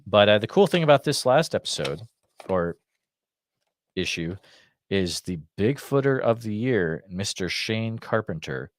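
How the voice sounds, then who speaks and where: A man with a very low voice and a slight Massachusetts accent hosts a live call-in show. He talks in a loose, rambling way, full of fillers and restarts. The recording is close and dry, with no room sound. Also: big pitch swings, unhurried, dry recording. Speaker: host of a live call-in podcast. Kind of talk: casual live-stream chat.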